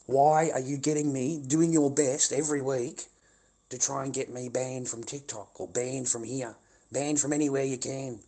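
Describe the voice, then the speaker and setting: A man with an Australian accent rants on a livestream, profane and confrontational, circling back to the same points again and again. His voice sits at an ordinary middle pitch with a dark, mellow tone. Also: steady tone, normal speed. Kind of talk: angry livestream rant.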